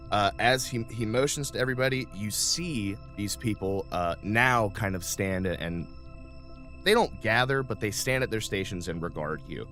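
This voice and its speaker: Man running a tabletop game, low voice, casual narration, faint music behind. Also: normal speed, fairly bright tone. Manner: casual, meandering narration with many fillers. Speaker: game master.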